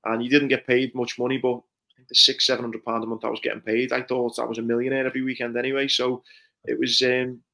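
Flat-voiced man recounting Marine training. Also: medium pitch, quick pace, vocal fry. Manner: earnest, reflective, many fillers like "you know". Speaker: guest, former Royal Marine. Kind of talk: conversational interview storytelling.

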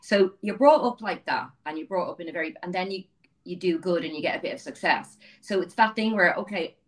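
A low-pitched Irish woman from Dublin, in her fifties, talks easily as an interview guest, circling back and restarting her sentences. She sits a little away from the mic, so her voice sounds slightly distant. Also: fairly quick. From Ireland (Dublin). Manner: chatty storyteller, frequent restarts and you-knows. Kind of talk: conversational interview.

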